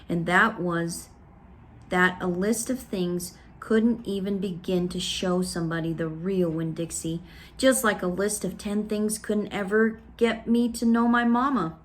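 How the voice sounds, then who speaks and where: Female storybook reader, mid-pitched, steady and expressive read-aloud narration. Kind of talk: reading a children's novel aloud.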